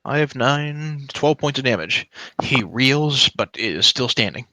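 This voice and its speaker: A man's voice: medium pitch, lively intonation, unhurried, bright, forceful tone, low-quality recording. A man narrating a tabletop game as game master, in a loose, casual way with frequent fillers.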